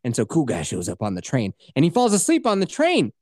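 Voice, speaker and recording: A man retells a movie on his podcast in a casual, profane recap, getting animated and slipping into character voices. His voice is a little high and fairly quick. The recording is dry and studio quality.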